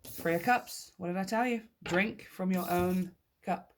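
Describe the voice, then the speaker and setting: A woman's voice: on the low side, unhurried, heavy background noise. A woman giving a casual tarot reading to her viewers, upbeat and encouraging, often laughing and repeating key phrases for emphasis. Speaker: tarot reader.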